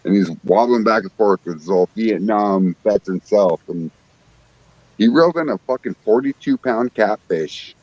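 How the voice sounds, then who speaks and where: A man's voice: on the low side, normal speed, dry recording, lo-fi sound. A man telling casual fishing stories as a guest, enthusiastic and swearing freely. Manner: enthusiastic, profane, animated storyteller. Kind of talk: casual chat, storytelling.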